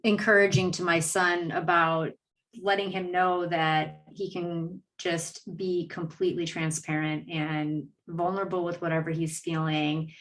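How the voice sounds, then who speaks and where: Brief: woman host, lowish voice, measured and reflective, mic a little far off. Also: fairly bright tone. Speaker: podcast host. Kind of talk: conversational podcast interview.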